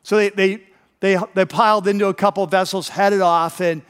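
A man's voice: high-pitched, steady tone, fairly quick, clean tone, big-room sound, faint music behind. A pastor preaching a sermon, telling a story animatedly and often repeating words as he builds up.

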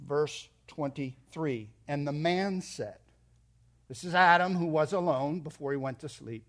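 Middle-aged man, pastor, sermon delivery, slightly high voice, dynamic and emphatic. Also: measured pace. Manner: expressive preaching, voice rising and dropping.

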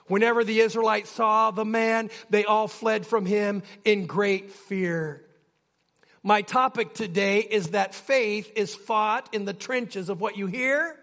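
High, gravelly-voiced impassioned preacher man. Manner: impassioned, builds to near shouting. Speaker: pastor. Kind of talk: sermon.

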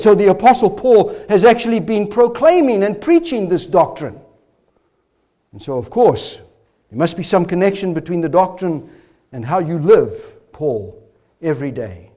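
A man's voice: high-pitched, very animated, normal speed, warm tone. A man preaching a sermon, driving his points with rhetorical questions and emphatic rises and drops in his voice. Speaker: pastor.

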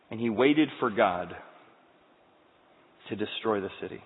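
Animated male preacher in a hall. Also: lowish voice, measured pace, long pauses. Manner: animated storytelling, shifts from loud to quiet. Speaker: pastor. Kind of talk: sermon. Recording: tinny sound, long hall reverb.

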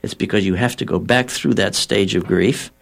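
Low-voiced man, guest on a talk show, storytelling with acted quotes and many fillers. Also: vocal fry. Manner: measured and explanatory. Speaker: guest healer. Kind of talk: explaining a healing theory on a talk show.

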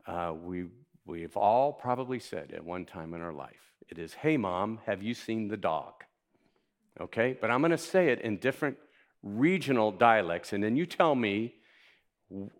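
A male pastor gives a sermon with a lively, swooping voice that rises and falls a lot. He keeps it conversational and playful and often turns to the congregation with questions. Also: lowish voice.

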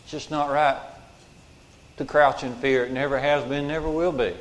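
A man's voice: mid-range voice, steady tone, moderate pace. A man preaching a sermon as pastor, emphatic and repeating his key lines for weight. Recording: long hall reverb.

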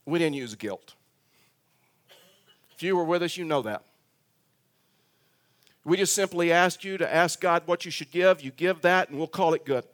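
High-voiced animated pastor telling a story. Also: male voice. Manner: animated, self-mocking storyteller with halting restarts. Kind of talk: storytelling sermon. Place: church sanctuary.

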